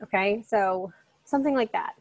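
Woman, college English teacher, recorded online lecture, casual and chatty, keeps checking in with "okay?", direct, encouraging, mid-range pitch. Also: moderate pace. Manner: direct and encouraging toward students.

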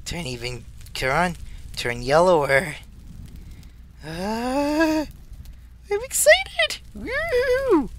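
A man doing let's play commentary, talking to himself as he plays and bursting into excited squeals. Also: mid-range voice, a little hiss or hum. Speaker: gaming channel host.

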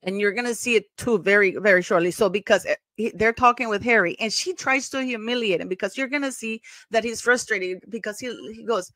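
A woman's voice: mid-range voice, brisk, few pauses, a bit bright, dry recording. A woman hosting a commentary channel, talking casually and emphatically over footage, gossipy and prone to repeating herself.

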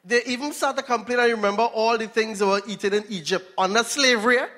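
A Trinidadian preacher delivering a sermon in a fairly high voice, telling a story and putting questions to his listeners. A long hall reverb trails his words. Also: fast, a bit bright. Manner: storytelling, asks the audience questions.

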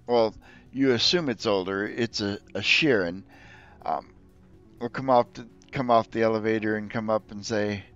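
A man narrating as game master in a relaxed way, pausing often with filler words. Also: lowish voice, muffled recording, soft background music. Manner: relaxed, with frequent ums.

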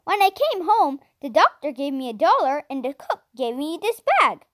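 A woman's voice: sits high, very animated, normal speed, a bit bright, no room sound, studio quality. A woman reading an earnest hardworking boy. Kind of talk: storybook reading.

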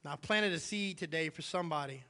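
A man's voice: fairly high pitch, fast, bright, forceful tone. A male pastor preaching a sermon in a church, emphatic and repeating his key phrases. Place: church sanctuary. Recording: long church hall reverb.

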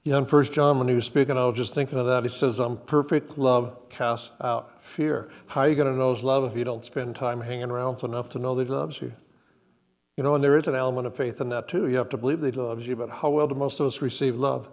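Calm reflective older man preaching. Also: mid-range voice. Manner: calm, reflective, halting storytelling. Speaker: co-pastor. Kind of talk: conversational sermon. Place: church sanctuary.

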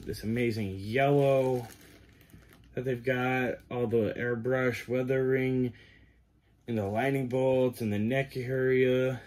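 Slow-talking, gushing male cosplay vlogger. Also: medium pitch. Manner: gushing, excitable, talks to viewers. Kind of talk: casual product review.

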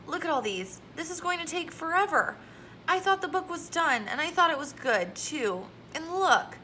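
A fretful schoolgirl in a storybook read-aloud, her voice pitched high and whiny, as a woman acts her out. She sounds bright and a little gravelly, anxious and snappish. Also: lively intonation, brisk, slight background noise, exaggerated voice, low-quality recording. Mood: worried. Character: anxious young girl author, upset and sharp.

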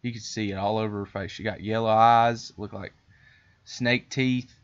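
A man hosting a podcast, telling a story in a rambling, profane, animated way. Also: fairly low pitch, moderate pace, dull audio. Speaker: podcast host. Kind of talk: casual storytelling chat.

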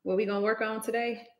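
A woman's voice: medium pitch, a little hiss or hum. A young woman hosting a casual livestream, chatty and exclaiming, often laughing, talking into a laptop microphone. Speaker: livestream host.

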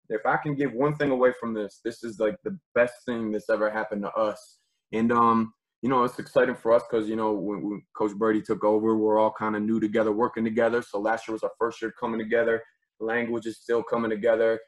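Man, defensive football coach presenting a clinic over a video call; energetic, excitable delivery. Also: lowish voice. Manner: energetic, excitable, repeats words in bursts.

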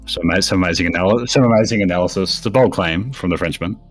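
Deep male esports caster, chatty and teasing, faint music bed. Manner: chatty, teasing banter, quick bursts of excitement on plays. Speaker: esports commentator. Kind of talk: casual esports commentary.

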